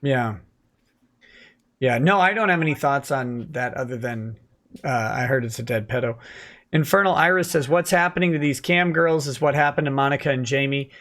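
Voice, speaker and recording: Guy hosting a late night stream, reads chat out loud, dry little comebacks, normal pitch. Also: moderate pace. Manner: reads viewer messages aloud, then answers with dry quips. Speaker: livestream host reading viewer comments.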